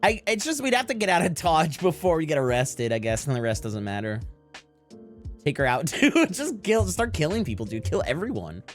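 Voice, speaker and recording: A man's voice: on the high side, wildly swooping pitch, moderate pace, soft background music. A young man live streaming, chatting casually and profanely with his viewers, rambling from joke to joke with frequent laughter.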